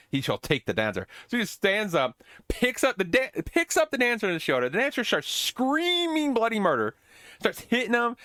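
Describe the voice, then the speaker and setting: A man's voice: mid-range voice, a bit bright, no echo, studio quality. A man hosting a podcast, recapping an old film in a casual, rambling way with swearing and joking asides. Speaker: podcast host.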